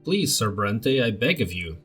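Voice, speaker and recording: A man voicing a frightened noblewoman who begs for mercy in a story game, pitched up. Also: sing-song, measured pace, a bit bright, faint music behind, exaggerated voice. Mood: pleading. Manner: begging, pleading. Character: frightened pleading noblewoman, mother.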